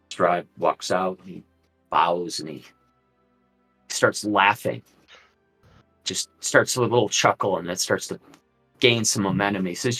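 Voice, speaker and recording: A man's voice: lowish voice, measured pace, sharp tone, soft background music, low-quality recording. A man narrating a tabletop game as game master, in a loose, filler-heavy way.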